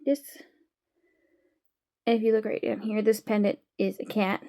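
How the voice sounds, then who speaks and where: A woman's voice: mid-range voice, level tone, moderate pace, warm tone. A woman chatting casually to camera at home, rambling with sighs and frequent fillers. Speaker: vlogger. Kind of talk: casual chat.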